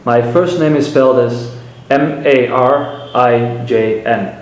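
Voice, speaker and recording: A man's voice: mid-range voice, slow. A man from the eastern Netherlands, a native Dutch speaker, giving plain, matter-of-fact answers in a practice conversation. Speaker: interview guest. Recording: very echoey room.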